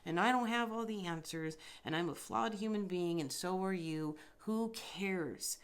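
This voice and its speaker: A woman's voice: fairly low pitch, measured pace, clear, resonant tone. A woman hosting a podcast, talking bluntly and emphatically in a casual spiritual monologue, with frequent swearing. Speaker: podcast host.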